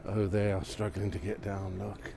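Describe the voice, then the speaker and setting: A man's voice: fairly low pitch, vocal fry. A man live-streaming a walk outdoors on a snowy, windy night, chatting to viewers and exclaiming at the sights, recorded on a phone mounted on a gimbal. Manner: exclamatory, gently enthusiastic, often asks viewers questions. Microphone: iPhone on a gimbal.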